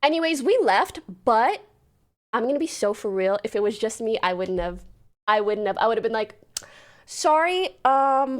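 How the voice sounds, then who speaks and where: A young woman with a somewhat high voice, chatting casually on a livestream. She tells stories in an animated, talkative way and swears freely. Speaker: streamer.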